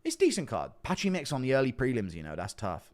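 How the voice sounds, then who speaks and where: A man's voice: mid-range voice, huge pitch swings, fast. A young man chatting casually on a livestream, offhand and swearing, jumping between topics. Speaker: streamer reacting to chat.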